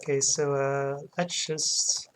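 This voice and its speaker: A woman casually commenting on a retro game as she plays it, talking slowly with frequent fillers and light laughs. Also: rumbling low, fairly even intonation. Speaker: game streamer. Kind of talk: let's play commentary.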